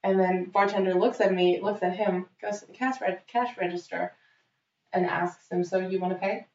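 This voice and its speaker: Young woman, casual storyteller, lively and profane, muffled roomy sound. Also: medium pitch, normal speed. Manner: animated, swears freely, acts out quotes. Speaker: guest telling a story. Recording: dull roomy recording.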